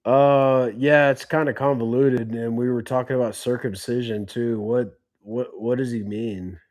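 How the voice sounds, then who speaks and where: A man's voice: mid-range voice, steady tone, unhurried, a little mellow, dry recording. A man bantering on a livestream, blunt and skeptical, often stumbling over repeated words before he gets his point out. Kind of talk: casual banter.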